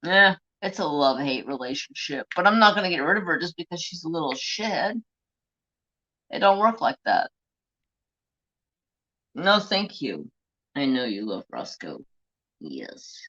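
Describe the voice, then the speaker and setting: A man's voice: on the high side, sing-song, unhurried, pauses often, pushed and bright. A man hosting a craft livestream, chatting casually and bluntly, swearing freely. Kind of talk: casual live-stream chat. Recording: dull lo-fi stream audio.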